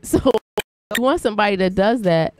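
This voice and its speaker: A woman's voice: mid-range voice, moderate pace, music in the background. A woman co-hosting a talk show, talking casually and pressing her point directly. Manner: direct, insistent, explaining a point.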